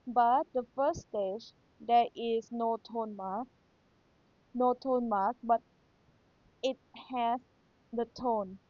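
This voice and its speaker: A woman's voice: on the high side, slow pace, pauses often, dry recording. A woman teacher with a Thai accent, patiently reviewing material for an exam and repeating key points. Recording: dull lo-fi sound.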